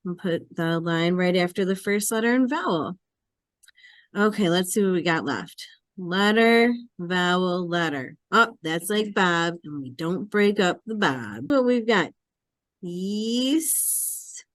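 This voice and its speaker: A woman's voice: on the low side, expressive, slow, no room sound, clean studio sound. A woman who teaches Hebrew, explaining a reading lesson step by step in a patient, repetitive classroom manner.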